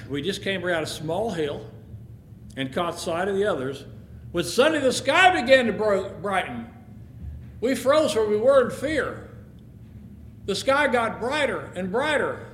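A man telling a first-person story in an expressive, emotional way. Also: sits high, measured pace, pauses often. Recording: echoey room, faint noise.

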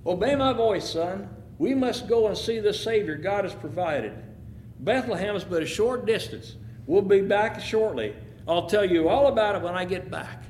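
A man voicing a calm, devout shepherd father who speaks in a measured, firm way. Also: high-pitched, slight background noise, lightly acted. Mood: earnest. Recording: echoey room.

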